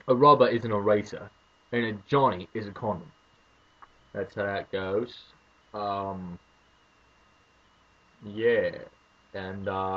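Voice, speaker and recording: An American man putting on an exaggerated fake English accent, loud and theatrical, in a comedy home vlog. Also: fairly low pitch, lo-fi sound. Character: American man faking a hammy English gent.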